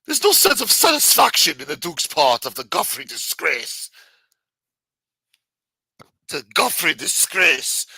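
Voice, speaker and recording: A man's voice: on the high side, wildly swooping pitch, measured pace, long pauses, bright, forceful tone, husky, dry recording, voice pushed up, full character voice. A man putting on a haughty posh British gent. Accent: mock British. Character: posh disdainful British man, middle-aged.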